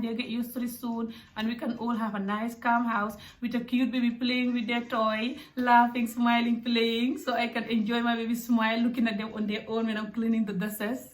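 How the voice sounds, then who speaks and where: A young adult woman from Africa giving parenting advice in a casual, direct, animated way. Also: fairly high pitch, moderate pace. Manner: animated and direct, with acted asides. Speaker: parenting vlogger. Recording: echoey room.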